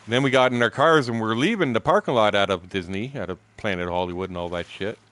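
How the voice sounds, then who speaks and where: Guy in his 60s, low voice, swears a lot, rambling stream story. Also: fast talker, fairly bright tone, dry recording. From Windsor, Canada. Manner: profane, blunt, chuckling storyteller. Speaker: game streamer. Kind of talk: rambling anecdote told while gaming.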